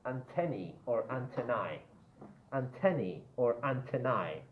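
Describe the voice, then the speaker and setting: A man teaching an English grammar lesson, slowly repeating words for pronunciation drills and checking in with "yeah?". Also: medium pitch, big pitch swings, a little hiss or hum. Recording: tinny phone-like line in an echoey room.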